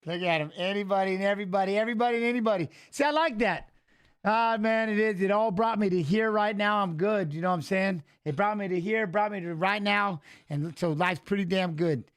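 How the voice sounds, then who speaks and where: Guy with a pretty high voice talking over the fights, rambly and chatty. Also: a little fast, fairly bright tone, clear, resonant tone. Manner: rambling, talks to chat viewers, emotional. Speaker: fight watch-along commentator. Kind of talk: casual live fight commentary.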